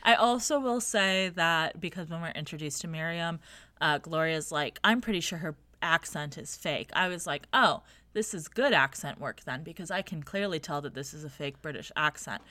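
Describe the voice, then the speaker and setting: A woman's voice: deep voice, normal speed, pushed and bright, dry recording. A woman giving wry, opinionated commentary in a casual podcast discussion about a book.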